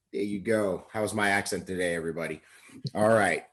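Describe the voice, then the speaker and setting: A man hosting a weekly livestream training, reading out viewer shout-outs in an upbeat, hyped-up way. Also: fairly low pitch, lively intonation, moderate pace, rough recording. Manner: upbeat, hype. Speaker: host.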